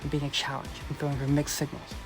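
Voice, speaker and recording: A man's voice: a little high, monotone, fast, music in the background. A man hosting a dating-advice podcast, talking emphatically and cockily, swearing and repeating his points to listeners he keeps calling "you guys.". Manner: profane and cocky. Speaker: dating coach podcast host. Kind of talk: coaching podcast monologue.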